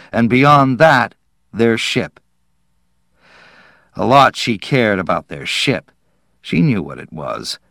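Slow, measured male storyteller. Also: mid-range voice, fairly bright tone, no room sound, clean studio sound. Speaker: narrator. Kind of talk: audiobook narration.

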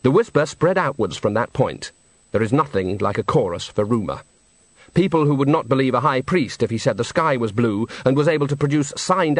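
Male audiobook narrator, wry and animated, dry close mic. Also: medium pitch, no echo. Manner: wry, lively storytelling.

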